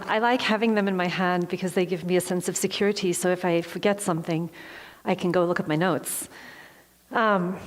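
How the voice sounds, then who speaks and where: A woman giving a motivational talk to a live audience, telling a personal story and acting out her own reactions. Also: on the low side. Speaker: motivational speaker. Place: large hall with an audience. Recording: long hall reverb.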